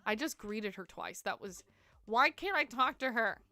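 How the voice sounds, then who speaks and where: Bright chatty woman streaming. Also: a little high, animated, moderate pace, no echo, soft background music. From Canada. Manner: chatty, rambling, full of "like" fillers, laughs often. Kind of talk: casual gameplay commentary, chatting with viewers.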